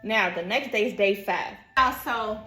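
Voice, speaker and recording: Young woman vlogger, bright higher voice, cussing and acting out her story in an echoey room. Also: measured pace. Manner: animated, profane, acts out quoted dialogue. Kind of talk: casual storytime. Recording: echoey room, faint music.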